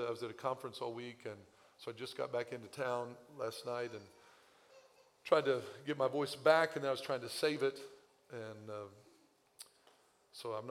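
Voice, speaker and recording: A man preaching a sermon as pastor, telling a story with animated asides, his voice a little strained after losing it. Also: mid-range voice, a little hiss or hum. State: recovering voice, slightly strained. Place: church sanctuary. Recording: long church hall reverb.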